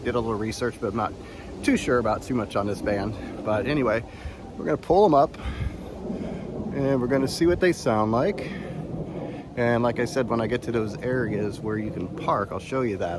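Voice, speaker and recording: A man's voice: mid-range voice, slight background noise. A man hosting a casual walk-and-talk vlog outdoors, rambling in an easygoing way with lots of fillers. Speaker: reaction channel host. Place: outdoors on a walking trail.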